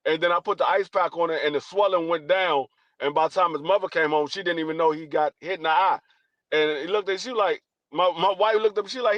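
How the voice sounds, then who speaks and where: An older man and podcast co-host, telling stories in an animated, casual way. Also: sits high, fairly quick, no echo. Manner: animated storytelling. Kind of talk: casual chat. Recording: dry, dull lo-fi mic.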